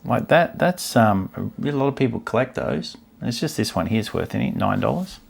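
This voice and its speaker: A man's voice: fairly low pitch, big pitch swings, moderate pace, vocal fry, slight background noise. A man hosting a stamp collecting channel, chatting casually and musing aloud as he pages through an old album, easily delighted by what he finds. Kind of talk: casual chat while browsing an album.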